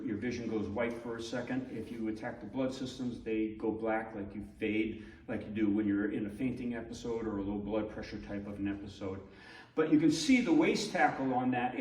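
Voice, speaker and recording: A man teaching a martial arts demonstration, explaining slowly and checking in with his listeners. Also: medium pitch, darkish tone. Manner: measured, explanatory, checks in with "okay?". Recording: roomy echo from far off.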